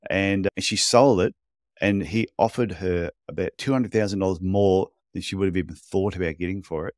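Chatty man with a low voice. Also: fairly quick, no echo, clean studio sound. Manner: animated storyteller, blunt and chatty. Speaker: podcast co-host, podiatry business coach. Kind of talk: casual podcast chat.

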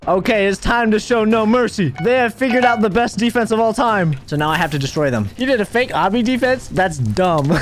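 High, lively excitable young man. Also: brisk, hardly any pauses, soft background music. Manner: playful, excitable, trash-talking, jumps into high yelps. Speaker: gaming YouTuber. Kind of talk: gameplay commentary.

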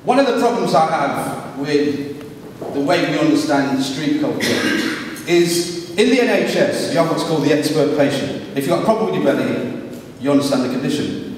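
A middle-aged man from England, a guest speaker giving an animated storytelling talk to a live audience, slipping into street voices for quotes. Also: fairly high pitch, normal speed. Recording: echoey hall, voice from far off, faint noise.

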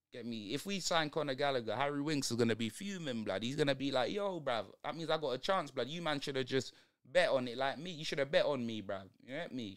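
A young man with a London accent calls a match live for his stream, piling on slang and exclamations. His voice is bright and carrying, with a smooth, clean tone. He moves quickly between rants about the team and outbursts at the play. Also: medium pitch. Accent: London multicultural English. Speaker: football watch-along streamer. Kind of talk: live watch-along commentary.

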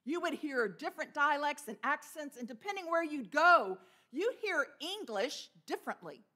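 A woman pastor from Texas preaching a sermon in a church, telling stories in a lively way. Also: high voice, normal speed. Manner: storytelling with laughs and imitated voices. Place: church sanctuary.

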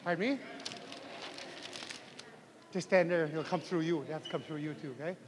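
A language teacher with a voice on the high side and a steady tone leads a group through a spoken drill of a greeting at normal speed. He chuckles frequently and encouragingly calls for more volume. The background is noisy and the hall adds long reverb.

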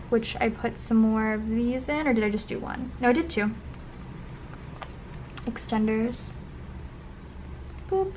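Gushing young woman vlogger, slightly high. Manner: gushing, breathy asides while paging through. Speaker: planner vlogger. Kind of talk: casual flip-through commentary. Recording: faint background noise.

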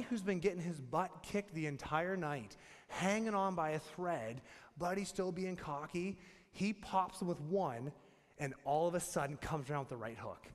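Animated storytelling pastor, man. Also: a little high, big-room sound. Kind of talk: sermon.

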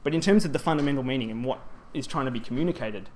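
A Japanese language presenter explains grammar at a conference in a presentation hall, talking rapid-fire in a mid-range, slightly mellow voice. He goes step by step but often says um and starts over, with slight background noise present.

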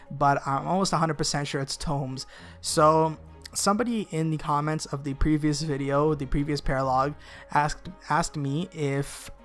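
A man's voice: fairly high pitch, a bit bright. A man hosting a let's play, reading game dialogue aloud and chatting casually about it. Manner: casual, unsure of pronunciation.

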